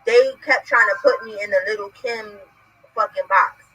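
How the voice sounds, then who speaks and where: A woman's voice: a little high, steady tone, moderate pace, sharp tone, slightly rough, no room sound, faint music behind, poor audio. A young adult woman hosting a casual chat on a video call from home. She talks bluntly and profanely, often asking "you understand?". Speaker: host.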